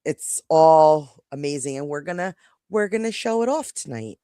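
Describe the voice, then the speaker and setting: A woman's voice: low voice, expressive, moderate pace, mellow, no room sound. Chatty New York woman, dry close sound. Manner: chatty, rambling, self-interrupting. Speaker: co-host. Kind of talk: casual live-stream chat.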